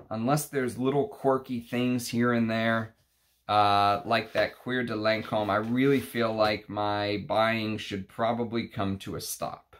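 A man with a Texas accent hosting a casual perfume unboxing vlog, rambling and talking to the bottles. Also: lowish voice. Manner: slow, rambling, talks to the bottles. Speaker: perfume channel host.

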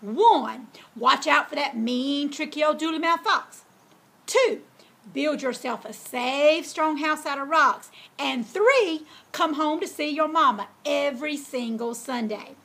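A woman's voice: high-pitched, animated, takes it slowly, vocal fry, fairly bright tone, heavily acted. A woman voicing a caring but firm mother pig who counts out instructions to her son in a storybook tale. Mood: instructing.

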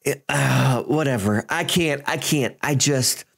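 A man hosting a gaming channel, ranting and swearing through his gameplay commentary, swinging between shouting and muttering. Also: medium pitch, measured pace, creaky, husky.

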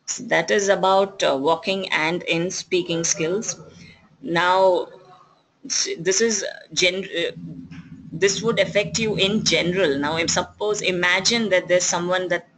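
A communication skills trainer with an Indian English accent, lecturing at an even pace and often pausing on fillers and restarts. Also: mid-range voice, low-quality recording. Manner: explanatory, with frequent fillers and restarts.

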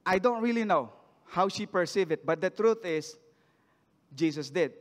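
Male preacher, high voice, reading scripture and questioning the church, long hall reverb. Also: animated, normal speed. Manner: reads scripture then asks the congregation questions. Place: church sanctuary.

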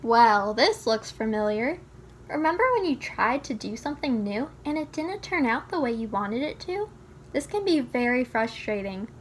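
A woman reading a children's storybook aloud in a gentle, teaching tone that speaks straight to the child listener. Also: on the high side, very animated, normal speed, a little hiss or hum. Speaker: children's book reader.

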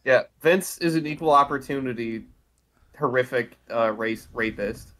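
A man co-hosting a podcast, making dry, deadpan jokes in a casual recap chat. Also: medium pitch, normal speed. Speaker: podcast co-host.

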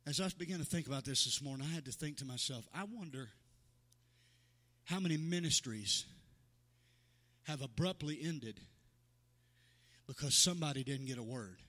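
In a church sanctuary, a male pastor with a fairly high, slightly bright voice preaches a sermon to his congregation at a normal pace, leaving long pauses in the large hall. His fervor rises as he acts out the voices of people in his stories and calls out to members by name.

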